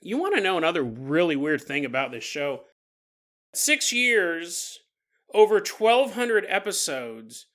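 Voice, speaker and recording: A man in his forties hosting a podcast, telling a paranormal story with jokes and silly put-on voices. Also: sits high. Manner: jokey, animated, puts on silly voices for listeners. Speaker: podcast host.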